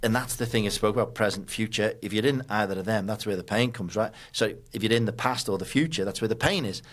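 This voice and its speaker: A man's voice: on the low side, quick pace. A man hosting a podcast in casual conversation, blunt and emphatic, swearing freely. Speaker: podcast host.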